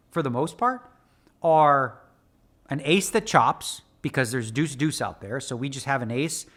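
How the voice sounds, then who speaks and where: A man breaking down his own poker hands in a conversational lesson, quizzing viewers with rhetorical questions. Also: on the high side. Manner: animated, conversational teaching. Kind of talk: spoken hand-analysis lesson.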